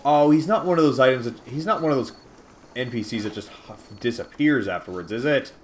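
Excitable man doing game commentary. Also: medium pitch, fairly quick, slight background noise. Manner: excitable, swears at and taunts game enemies. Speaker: gaming channel host. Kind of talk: casual let's-play commentary.

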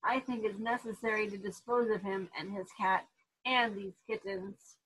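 A woman's voice: medium pitch, steady tone, moderate pace, a bit bright, husky, poor audio. A woman voicing a haughty, scheming male regent with a cold, contemptuous manner. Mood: scornful.

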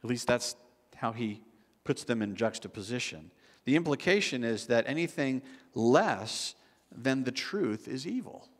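A man's voice: mid-range voice, lively intonation, measured pace. A man preaching a sermon as pastor, in a conversational style with frequent restarts. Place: church sanctuary. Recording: long church hall reverb.

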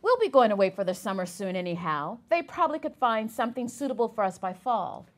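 A reserved older banker speaks in a measured, formal way, voiced plainly by a woman reading a memoir aloud. His sentences come out polite and unhurried, with a lively rise and fall in the pitch. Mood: reasonable.

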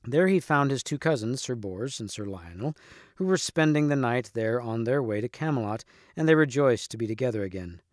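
A man reads a storybook chapter aloud in a steady, clear voice at an ordinary pitch. The recording is dry and close, with no room sound. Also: brisk, no echo. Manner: steady, clear narration with occasional restarts. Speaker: reader.

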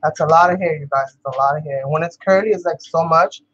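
Chatting as she works on her crafts, a woman from New York laughs a lot and addresses her audience as "you guys." She talks fast in a low-sitting voice, and the recording is muffled.

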